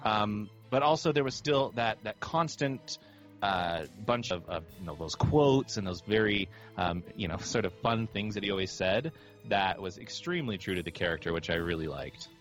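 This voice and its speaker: Animated man chatting about movies. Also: lowish voice, moderate pace, faint music behind. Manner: enthusiastic, animated with many restarts. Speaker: podcast panelist. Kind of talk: casual movie discussion.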